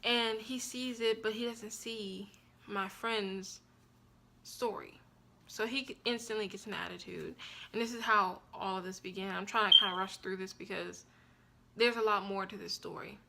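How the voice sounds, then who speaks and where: A young woman with a bright, forceful voice recounts a personal story into her camera. She is animated and expressive, blunt and profane, in a casual storytime vlog. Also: medium pitch, moderate pace, creaky. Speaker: vlogger.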